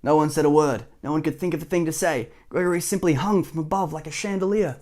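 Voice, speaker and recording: A man reading a children's picture book aloud, gently, with chuckling asides. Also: on the high side, quick pace.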